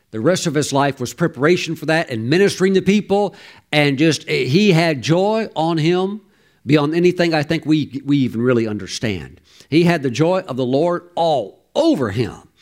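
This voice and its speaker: A man preaching a sermon, emphatic, with stammered restarts and sudden exclamations. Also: fairly high pitch.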